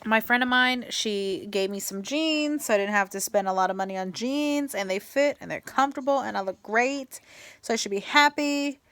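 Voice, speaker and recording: A woman's voice: on the high side, moderate pace, a bit bright, dry recording. A woman vlogging in casual chat, rambling with restarts and repeating herself as she talks about feeling stressed. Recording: noisy background with car sounds.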